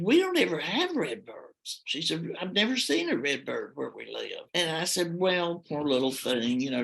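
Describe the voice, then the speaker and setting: An older woman telling a personal story in a heartfelt, halting, emotional way. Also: fairly low pitch, creaky, poor audio. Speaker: storyteller guest.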